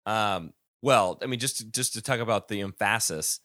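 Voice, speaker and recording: A man co-hosting a podcast, chatting casually in a relaxed way that trails off mid-thought. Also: lowish voice, normal speed, dry recording, clean studio sound. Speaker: podcast co-host. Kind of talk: casual chat.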